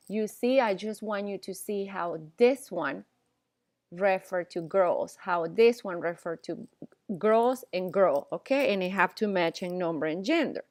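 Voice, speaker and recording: Slow-paced, patient woman language teacher. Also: mid-range voice, darkish tone, no echo, clean studio sound. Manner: patient, checks in often with "okay?" and "all right?"; casual, slightly ungrammatical English. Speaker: Spanish teacher. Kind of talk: recorded classroom lesson.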